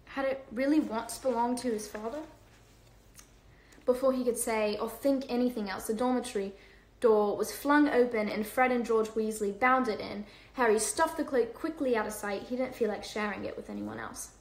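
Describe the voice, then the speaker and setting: Young woman reading a kids book out loud on her phone, pretty high voice, echoey room, laughs off her mistakes. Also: normal speed. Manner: relaxed, stumbles and laughs at her own misreads. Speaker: host. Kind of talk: casual storybook read-aloud on a livestream.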